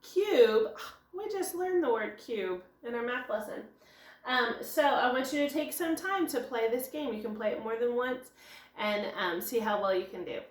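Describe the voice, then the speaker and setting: A woman's voice: fairly high pitch, lively intonation, normal speed. A woman teacher giving a recorded phonics lesson, explaining step by step and answering her own questions. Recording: echoey room.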